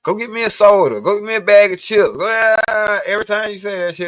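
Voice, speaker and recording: Blunt rambling man, raised in the Southern US, profane livestream rant; slightly high voice, dry close sound. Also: animated, a little fast, fairly bright tone, no room sound. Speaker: livestream host. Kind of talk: casual ranting monologue.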